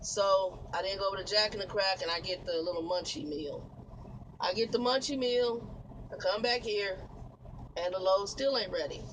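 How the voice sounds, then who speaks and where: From his truck cab, a man vlogs to the camera pointed at him, rambling through a long, exasperated story with occasional laughs. His high, slightly bright voice moves at normal speed, and the audio is poor, with slight background noise.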